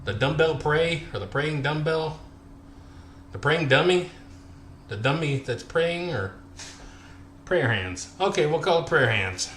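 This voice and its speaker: A man's voice: a little high, expressive, measured pace, fairly bright tone, roomy sound, slight background noise. A man chatting on a workout live stream, counting reps aloud, out of breath and joking between sets. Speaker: fitness vlogger.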